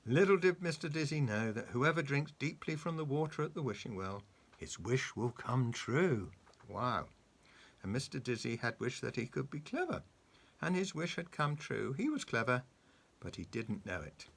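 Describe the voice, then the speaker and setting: A man reading a children's story aloud, animated and coaxing, stopping to ask the child questions. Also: medium pitch, normal speed, vocal fry.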